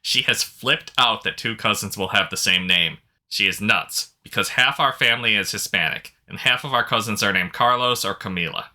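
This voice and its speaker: Reading out stories as a podcast co-host, this man keeps a normal speed and an easygoing, relaxed manner, chuckling frequently through the casual chat. His voice is low, forceful and strikingly bright.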